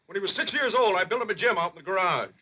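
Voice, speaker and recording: A man playing a loud, bossy middle-aged father in a 1950s film comedy, on a lo-fi old soundtrack. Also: high-pitched, rapid-fire. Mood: blustering.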